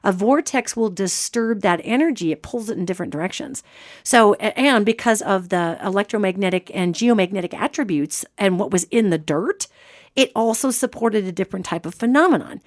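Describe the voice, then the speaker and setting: A woman's voice: mid-range voice, brisk, no room sound, studio quality. A woman hosting a podcast, telling a story casually and explaining things matter-of-factly. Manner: animated, explanatory, talks of spirits and energy matter-of-factly. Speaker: podcast host.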